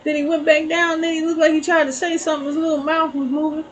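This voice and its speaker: A middle-aged woman with a high voice gives a casual spiritual tarot reading, telling a story at a quick pace in a level tone and often checking in with "okay?" She's chatty, and the rough recording carries a slight hiss or hum.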